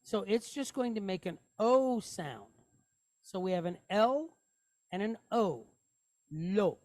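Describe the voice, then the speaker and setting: Slow, patient woman teaching Hebrew reading. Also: medium pitch, expressive, a little mellow, dry recording, studio quality. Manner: patient, step-by-step, asks rhetorical questions. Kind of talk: reading lesson, sounding out words.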